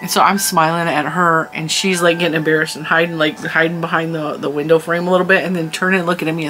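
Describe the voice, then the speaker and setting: A woman's voice: deep voice, fairly even intonation, quick pace, fairly bright tone, a little hiss or hum, poor audio. A middle-aged woman telling a story in a casual, chatty vlog, emphatic, with lots of "like" and laughs. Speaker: crafting channel host.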